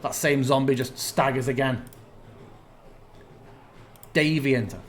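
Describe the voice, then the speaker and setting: A man's voice: mid-range voice, normal speed. A man narrating a tabletop game as game master, thinking aloud as he checks rules.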